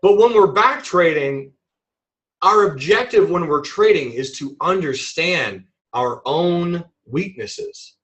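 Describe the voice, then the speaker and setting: A man teaching a trading webinar in a playful, animated way, acting out examples as he explains them. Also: high voice, slow, low-quality recording. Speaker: trading instructor.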